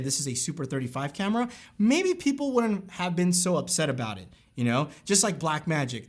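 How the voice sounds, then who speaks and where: A young man with a fairly high voice vents his opinion about a camera straight to his viewers. He talks casually and emphatically, as if chatting with friends in the comments. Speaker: camera review vlogger.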